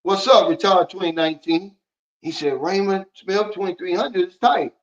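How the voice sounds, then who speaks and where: A man's voice: sits high, moderate pace, dull audio. A man hosting a livestream, talking bluntly and preachily while reading out and answering viewer comments. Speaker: livestream host. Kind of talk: casual livestream talk.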